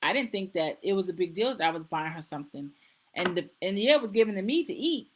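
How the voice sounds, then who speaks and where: A woman's voice: lowish voice, lively intonation, fast talker, a little hiss or hum, poor audio. A middle-aged woman, a nurse practitioner, hosting a casual live-stream talk, earnest and repeating herself as she goes. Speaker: host.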